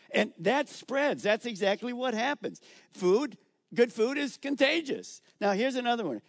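An older male pastor preaching a sermon to viewers at home, animated and coaxing the listeners. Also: sits high, no echo, studio quality.

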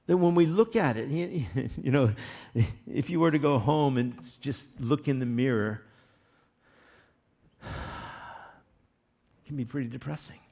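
A male pastor giving a conversational sermon, full of folksy everyday illustrations and joking asides, sometimes getting loud as he acts out scenes. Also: a little high, breathy edge. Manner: loud bursts when acting out scenes.

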